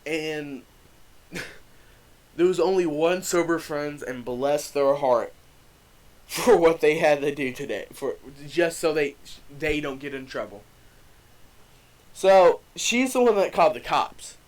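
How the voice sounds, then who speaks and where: A young man casually telling a wild story on his channel, cursing freely and swinging between hushed and loud moments. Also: on the high side, lively intonation, takes it slowly, pauses often. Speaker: vlogger.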